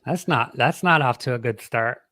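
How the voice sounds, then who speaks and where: A man's voice: medium pitch, normal speed, sharp tone, dry recording, clean studio sound. Friendly chatty male podcast host. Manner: friendly, chatty, with frequent fillers and restarts. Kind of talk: casual live-stream interview. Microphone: video call.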